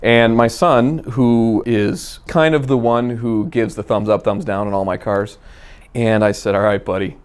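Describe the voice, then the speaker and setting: A man telling a personal car story in a casual, animated way, acting out the dialogue. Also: on the low side, a little slow, clean tone. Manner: animated, acts out quoted dialogue. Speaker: guest storyteller.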